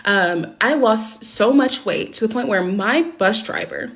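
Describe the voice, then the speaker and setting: A woman's voice: mid-range voice, animated, measured pace, a bit bright. A young adult woman telling a personal story to camera in a casual storytime vlog, candid and blunt, swearing often and filling with "like". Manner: candid, heavy swearing, many "like" fillers.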